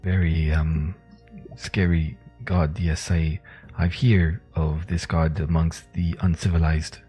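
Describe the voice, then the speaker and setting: A man's voice: rumbling low, little pitch movement, slow, mellow, husky, faint music behind, exaggerated voice. A man voicing a stern, proud male warrior who speaks in broken, formal sentences. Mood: solemn. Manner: broken, formal speech, dismissive of outsiders.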